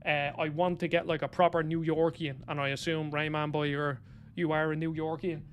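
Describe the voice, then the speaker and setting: A man's voice: on the high side, level tone, a little fast, slight background noise. A young Irish man chatting casually on a live stream, rambling as he answers viewers by name. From Ireland. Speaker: streamer reading chat.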